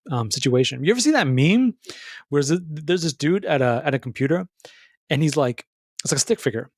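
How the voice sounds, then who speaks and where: A young man rambling through a casual monologue, tripping over his words and restarting sentences as he goes. His voice sits a little high, and his talk is loose and animated, full of bro slang. The sound is dry and close, with no room echo. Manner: rambling and stammering, with frequent restarts. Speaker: YouTuber.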